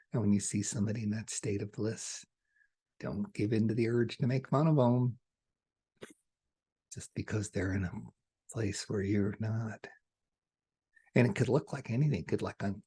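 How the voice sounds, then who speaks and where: A man delivering a channeled spiritual message, soft-spoken and at times hushed. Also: lowish voice, breathy edge.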